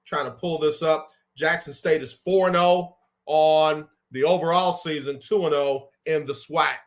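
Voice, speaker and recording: A man hosting a casual sports talk show, running through college football rankings in an animated, conversational way with slang asides. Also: on the high side, a little slow. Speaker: show host.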